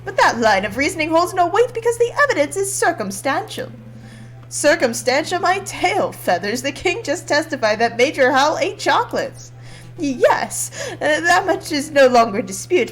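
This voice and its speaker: Haughty male bird prosecutor for a game, read by a woman; high, lively, condescending. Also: moderate pace, soft background music. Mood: smug. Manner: smug and formal, lecturing. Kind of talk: reading game dialogue aloud.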